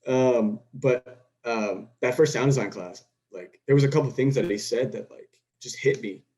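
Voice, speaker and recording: A man's voice: medium pitch, normal speed, mellow, rough recording. A young man from Houston, a podcast guest, telling stories in a casual, rambling way with lots of restarts and acted-out dialogue. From Houston, Texas. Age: young adult. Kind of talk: casual storytelling chat.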